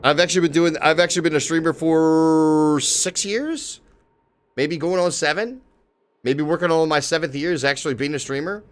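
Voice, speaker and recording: A man chatting casually on a live stream, excitable and swearing, shouting out viewers in chat. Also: fairly high pitch, moderate pace. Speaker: livestreamer.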